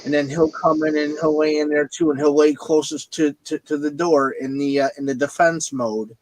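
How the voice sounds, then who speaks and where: A man's voice: on the high side, steady tone, normal speed, low-quality recording. Man hosting a casual video call, rambling and repeating himself. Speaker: host. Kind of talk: casual chat.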